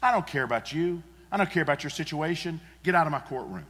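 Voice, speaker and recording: A callous, wicked judge, as a preacher acts him out, curt and dismissive. His voice sits fairly high and carries the long echo of a big hall. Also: lively intonation, quick pace, a bit bright, slightly rough. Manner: curt, brushing off.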